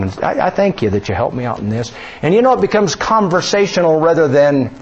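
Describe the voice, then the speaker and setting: A man's voice: medium pitch, darkish tone, husky, dull audio. A male pastor preaching a sermon in a church, conversational, with many rhetorical questions. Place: church sanctuary.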